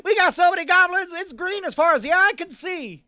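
A loud, pushy goblin salesman , put on by a man belts out a booming sales pitch. The voice sits very high and bright. It is dry and close. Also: a little fast, dry recording, heavily acted. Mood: hyped.

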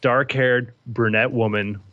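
A man's voice: mid-range voice, fairly even intonation, unhurried, dry recording, muffled recording. A man running a tabletop game as game master, narrating scenes playfully and dramatically.

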